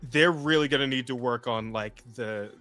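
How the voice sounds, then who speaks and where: A man in casual podcast chat, swearing freely and laughing through his reactions. His voice sits at an ordinary middle pitch, and a little music plays faintly under him. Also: moderate pace, pushed and bright. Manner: profane, laughing, loose rambling. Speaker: podcast co-host.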